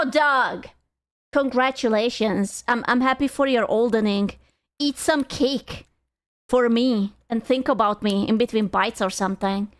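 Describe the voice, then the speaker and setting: A woman's voice: fairly high pitch, measured pace. A woman streamer chatting casually with her live chat, playful and joking, swearing freely.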